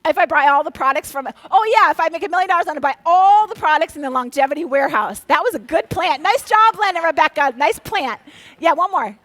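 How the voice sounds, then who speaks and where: A woman from Minnesota giving a lively motivational talk, coaching her audience and calling out to them. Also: high voice, fast, no echo. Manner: energetic, coaxing, leads the crowd in call-and-response; drops to a hushed, soft voice for a quiet exercise. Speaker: speaker.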